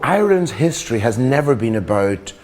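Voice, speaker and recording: A man's voice: mid-range voice, sing-song, fairly quick, darkish tone. An Irish man speaking in a documentary interview, indignant and emphatic, his voice jumping up on rhetorical retorts. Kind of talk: impassioned talking-head interview.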